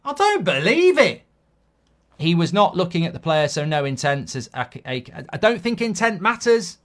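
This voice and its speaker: Male reaction host, high lively voice, bright, swearing, shouting outbursts. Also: moderate pace. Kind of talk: live watch-along reaction.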